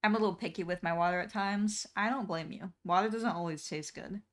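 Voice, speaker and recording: A woman's voice: medium pitch, fairly quick. A young woman streamer chatting casually while she draws, rambling with lots of fillers and restarts. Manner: rambling, many fillers and restarts, laughs often.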